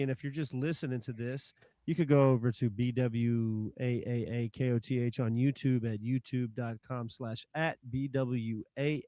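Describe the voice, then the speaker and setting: A man co-hosting a podcast, relaxed, chiming in with short agreeing remarks. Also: medium pitch, no room sound, studio quality. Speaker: podcast co-host. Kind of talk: casual chat.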